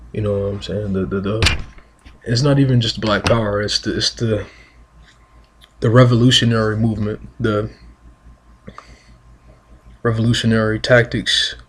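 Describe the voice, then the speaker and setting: Husky man in a heated, profane rant. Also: fairly low pitch, level tone, moderate pace, long pauses. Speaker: vlogger.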